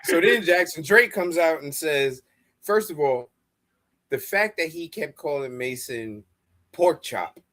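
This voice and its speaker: A man's voice: on the high side, fairly bright tone. A man co-hosting a wrestling podcast, recapping the show in a profane storytelling way. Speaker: podcast co-host.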